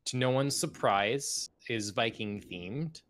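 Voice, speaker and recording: A man co-hosting a gaming podcast, talking in a relaxed, rambling way with many fillers. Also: mid-range voice, slow pace, slight background noise. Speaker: podcast co-host. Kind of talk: casual gaming chat.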